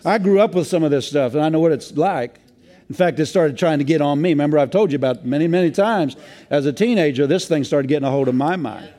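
A man's voice: fairly high pitch, fast, warm tone. A male pastor preaching a sermon in a folksy way, with many fillers and restarts.

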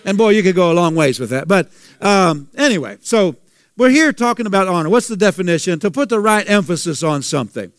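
Pastor guy preaching, highish voice, dry close sound, keeps repeating himself for emphasis. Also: very animated, brisk, clean tone, no echo. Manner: preachy, asks the congregation questions, repeats for emphasis. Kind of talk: sermon.

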